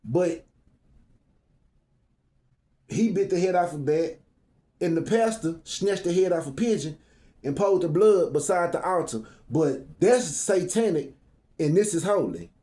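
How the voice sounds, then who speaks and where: A man's voice: high-pitched, lively intonation, measured pace, long pauses, warm tone. A man reading scripture aloud and breaking off into joking, conversational commentary between verses. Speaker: Bible reading host.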